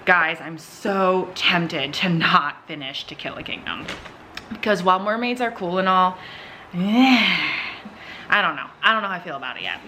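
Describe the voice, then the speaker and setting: A young woman chatting excitedly in a casual reading vlog from home. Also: fairly low pitch, a little hiss or hum. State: out of breath. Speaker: vlogger.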